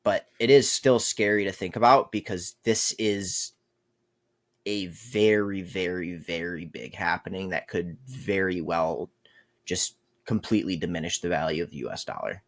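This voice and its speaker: A man's voice: low voice, moderate pace. A young American man co-hosting a casual podcast on a headset mic, blunt and casual with swearing. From United States. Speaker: podcast co-host. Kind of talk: casual chat.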